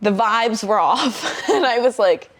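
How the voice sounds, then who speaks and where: A young woman telling a story in casual podcast chat, animated and swearing often, acting out her own quotes. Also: fairly high pitch, measured pace.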